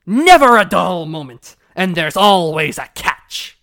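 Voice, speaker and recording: A podcaster acting out a scheming pirate sea captain from a cartoon in a loud, slow, growling drawl while recapping an episode. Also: mid-range voice, big pitch swings. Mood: boastful.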